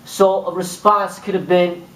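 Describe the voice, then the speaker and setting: A man's voice: flat delivery, measured pace, a bit bright, a little hiss or hum. A man giving an informal spoken lesson as a kung fu instructor, rambling and acting out exchanges. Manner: rambling, repeats "boom" and acts out exchanges. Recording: echoey room, mic far off.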